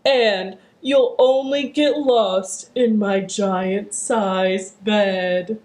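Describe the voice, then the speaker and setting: A woman voicing a big bear that sobs and bawls loudly in a storybook. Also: mid-range voice, steady tone, extremely slow. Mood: sobbing. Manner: loud bawling wail. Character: big sobbing bear bawling in the woods. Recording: echoey living room.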